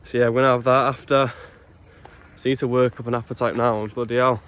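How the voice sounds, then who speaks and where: A man's voice: medium pitch, little pitch movement, quick pace, a bit bright. Chatty man vlogging on a hike. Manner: chatty, teasing, laughs often. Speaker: travel vlogger. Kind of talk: casual travel vlog narration. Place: outdoors on a coastal walking trail.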